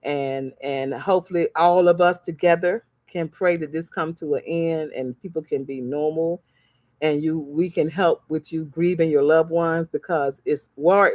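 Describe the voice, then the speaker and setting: A woman with a low, slightly mellow voice talks at a normal speed in a dry, studio-quality recording. As a crafts seller and vlogger on a motivational livestream, she narrates stories with animation, plays out the voices of those involved, and repeats phrases for emphasis much like a preacher.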